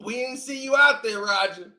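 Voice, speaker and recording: A man's voice: very high voice, normal speed, bright, forceful tone, reverberant. A man giving mocking reaction commentary on a video clip, sarcastic and laughing often between remarks.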